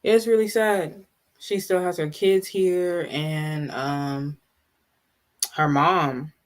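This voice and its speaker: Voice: medium pitch, fairly even intonation. A host chatting casually on a live stream, answering viewers' comments and often stopping to restart sentences. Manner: halting, many restarts and asides.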